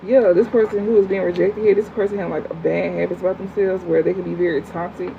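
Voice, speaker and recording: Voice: mid-range voice, steady tone, quick pace, gravelly. Tarot reader on a live, blunt and cussing, tinny phone sound with a little hum. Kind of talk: livestream tarot reading, answering chat. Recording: phone-like audio with faint hum.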